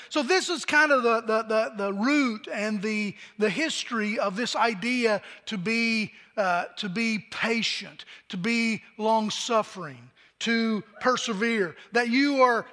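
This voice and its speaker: A man's voice: high voice, sharp tone, in a large hall. An older man from preaching a sermon to a congregation, talking conversationally and throwing questions at the crowd. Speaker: pastor.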